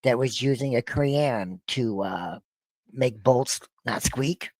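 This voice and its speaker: A man's voice: mid-range voice, slow pace, darkish tone, no room sound. Gen x guy hosting a podcast, swears a lot, trips over his words, dry close sound. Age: 40s to 50s. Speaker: podcast host. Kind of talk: casual reaction-show banter.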